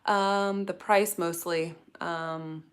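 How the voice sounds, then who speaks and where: A middle-aged woman with a somewhat low voice hosts a relaxed livestream. She chats in a loose, rambling way, full of fillers and self-corrections as she answers her viewers. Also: extremely slow. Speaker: channel host reading live chat. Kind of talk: casual livestream chat.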